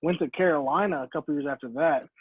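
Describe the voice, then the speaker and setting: A man's voice: a little high, quick pace, husky, no echo. A man co-hosting a sports podcast, chiming in with laid-back, agreeing casual talk. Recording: tinny phone-like dry sound.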